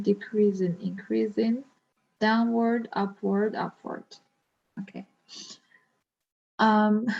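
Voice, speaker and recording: A woman walks through a math problem slowly, pausing often and filling gaps as she thinks aloud. Her voice sits at a middle pitch, and the recording sounds dull and lo-fi. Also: creaky, darkish tone. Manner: hesitant, thinking aloud with fillers. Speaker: math teacher. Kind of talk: slow worked-example lesson.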